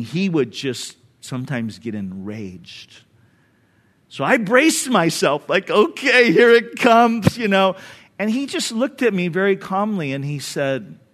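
A male pastor preaching a sermon, telling a personal story earnestly and dropping soft and low for memories.

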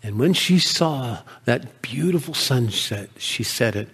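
An actor playing a grieving, proud male shepherd of ancient Bethlehem in a first-person monologue, telling his story with feeling and often dropping to hushed tones. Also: medium pitch, animated, measured pace, breathy edge, exaggerated voice. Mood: earnest.

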